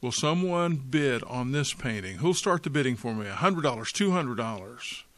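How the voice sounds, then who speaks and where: Persistent formal auctioneer, voiced by a man, middle pitch. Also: animated, normal speed, a bit bright, dry recording, natural voice. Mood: insistent. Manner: insistent, formal.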